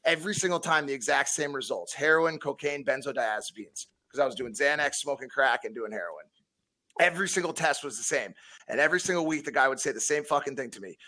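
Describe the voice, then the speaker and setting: This Connecticut man in his thirties talks fast in a mid-range, bright, forceful voice while guesting on a podcast. He recounts a lengthy personal story bluntly, cursing a lot and often repeating or restarting his sentences.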